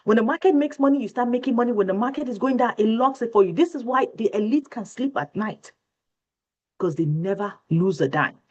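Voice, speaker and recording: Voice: medium pitch, animated, a little fast. A presenter from Africa, giving a preachy motivational seminar talk that repeats points and asks the audience rhetorical questions. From West Africa. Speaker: financial education presenter. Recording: dull lo-fi recording.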